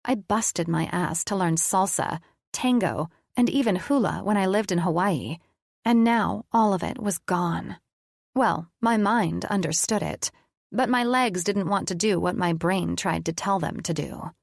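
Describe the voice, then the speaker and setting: A woman reads a first-person audiobook in an intimate, confiding tone. Her voice sits fairly low with a gravelly fry, and the recording is dry and close. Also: unhurried, no room sound. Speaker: audiobook narrator.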